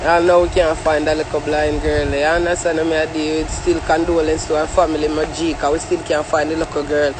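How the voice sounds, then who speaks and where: Loud, swearing Jamaican man ranting. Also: on the high side, a little fast, few pauses, noisy background. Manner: loud, swearing, animated rant with frequent asides to the listener. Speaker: vlogger. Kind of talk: ranting year-in-review vlog in patois.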